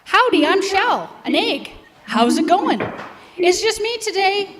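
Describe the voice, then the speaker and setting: A fussy, homebody egg frets and chatters in a high, lively voice, as a woman reads his part. He swoops between high and low as he talks. The sound carries the long echo of a hall. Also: measured pace, a little hiss or hum, exaggerated voice. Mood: chatty. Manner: chatty, expressive storybook reading. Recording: echoey hall.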